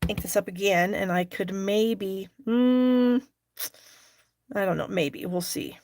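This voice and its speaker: A woman with a medium-pitched, darkish voice takes her time, recorded with no echo. She's hosting a live stamping class as a craft demonstration, chatting, thinking aloud as she works, and using fillers.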